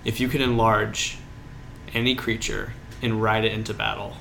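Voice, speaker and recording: A young man with a bright, forward voice talks through a casual podcast chat, leaning on fillers like "like" and "you know." A faint hiss sits under the recording. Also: fairly low pitch, flat delivery, normal speed, creaky. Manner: loose, filler-heavy talk with quoted voices. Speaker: podcast co-host.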